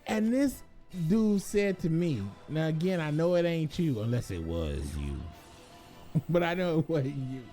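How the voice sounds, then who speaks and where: A young man telling a vacation story in a casual, animated rant, swearing and laughing. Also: fairly high pitch, measured pace, soft background music.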